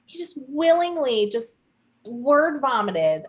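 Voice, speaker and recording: A young woman co-hosting a casual chat, telling a story with animated quoted voices. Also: high-pitched, slow. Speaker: podcast co-host.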